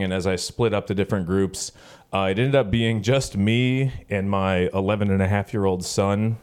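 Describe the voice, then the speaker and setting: A man in his thirties, a pastor preaching a sermon in a relaxed, storytelling way with many fillers. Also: lowish voice, clear, resonant tone. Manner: conversational storytelling with frequent fillers. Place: church gathering.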